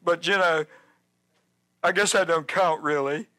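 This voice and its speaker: A man's voice: on the high side, steady tone, unhurried, bright, forceful tone. A man voicing a self-pitying male prophet who whines and drags out his words while hiding in a cave. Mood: whining. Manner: whiny, plaintive, drawn out.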